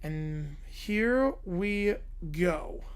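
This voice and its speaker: A hoarse man streaming, giving quick offhand replies to chat in a casual Q&A. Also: high-pitched, lively intonation. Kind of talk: casual livestream Q&A.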